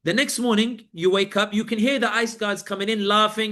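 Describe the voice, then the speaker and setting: On a live panel, this British man, a journalist, brings his experiences to life through storytelling, voicing the guards and inmates he met in quotes. He speaks high and a bit bright, fairly quick, barely pausing.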